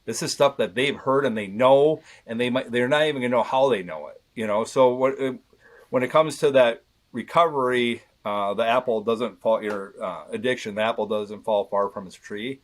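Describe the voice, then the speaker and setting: A man's voice: medium pitch, moderate pace. A man in his thirties, a podcast guest, speaking candidly and earnestly, often restarting his sentences. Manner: earnest, rambling with many restarts. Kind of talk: candid conversation.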